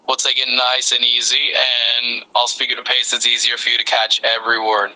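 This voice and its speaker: A man's voice: medium pitch, monotone, normal speed, bright, forceful tone, low-quality recording. A male AI voice assistant acting as a friendly conversation partner, upbeat and reassuring.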